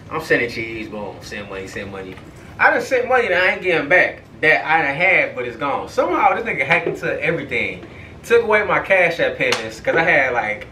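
A young man hosting a podcast, telling a story in a casual, profane, animated way and often checking in with "right?". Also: mid-range voice, slight background noise. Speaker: podcast host. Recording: echoey room, far from the mic.

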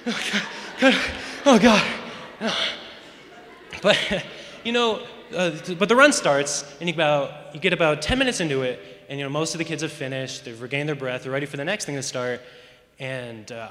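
A man's voice: mid-range voice, a bit bright. A teenage boy doing rambling, self-mocking stand-up comedy on a school talent show stage. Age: teens. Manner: rambling, self-mocking, lots of "you know". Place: large school auditorium stage. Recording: echoey hall.

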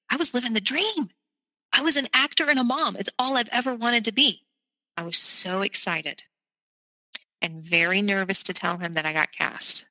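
A woman, telling her personal story as a podcast guest in a vivid, animated way. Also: medium pitch, no room sound, poor audio. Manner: animated, vivid retelling with quoted voices.

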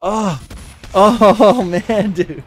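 Exasperated man yelling at a game. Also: high-pitched, extremely slow, slight background noise. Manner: frustrated, swearing, yelling at the game. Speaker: streamer. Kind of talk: live gaming stream commentary.

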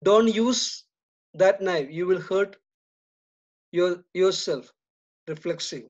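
A man with an Indian English accent works slowly through a grammar exercise. He reads each sentence and then drops his voice to give the answer. The recording is dull and lo-fi. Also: high-pitched, a little mellow. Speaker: teacher. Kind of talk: slow, deliberate grammar lesson.

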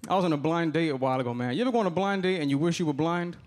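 A man's voice: fairly high pitch, racing. A man from the Dominican Republic doing a stand-up set on a comedy club stage, talking in a loose, conversational way with asides to the audience. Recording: live club, crowd laughter and room noise.

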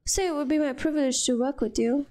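A woman voicing a worried immigrant husband who pleads politely in a job interview, in her own high voice. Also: fast, warm tone, close to an everyday voice.

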